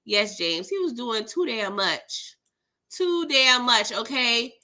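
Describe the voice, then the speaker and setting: A woman's voice: fairly high pitch, big pitch swings, slow, sharp tone. A woman hosting a casual live recap of a TV episode, talking in a sassy, slangy, exasperated way. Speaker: TV recap host.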